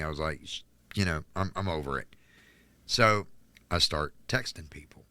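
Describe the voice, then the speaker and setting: A man from North Carolina telling a candid personal story as a podcast guest, halting with restarts and fillers. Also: very deep voice, pushed and bright, clean tone, no echo. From North Carolina, United States.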